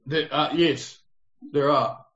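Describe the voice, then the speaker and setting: A man's voice: fairly high pitch, fairly even intonation, takes it slowly, fairly bright tone. A man leading an interactive Bible study, explaining the text earnestly and putting questions to his group. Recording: dull lo-fi recording.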